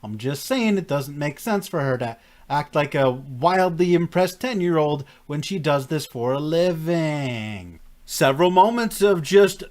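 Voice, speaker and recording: A man's voice: a little high, expressive, measured pace, darkish tone. A man giving casual reaction commentary to a show, sarcastic and mocking, laughing often. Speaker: reaction video host.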